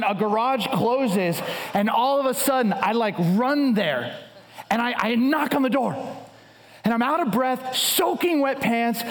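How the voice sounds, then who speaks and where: A male pastor in his thirties preaches with animated storytelling energy. His voice sits notably high for a man, and he often stumbles and restarts mid-sentence. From United States. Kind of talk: sermon with storytelling.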